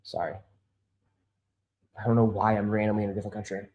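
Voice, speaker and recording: Speaking quickly in a low, flat voice, a sneaker livestream host chats casually on a desk microphone, and the sound is muffled. He swears, gets frustrated easily, calls viewers bro and dude, and turns loud and insistent when making a point.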